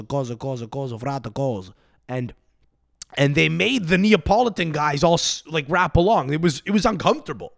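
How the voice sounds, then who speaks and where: A man's voice: a little high, dry recording, clean studio sound. Profane, rambling male podcast host. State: sick with a cough. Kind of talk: solo podcast rant.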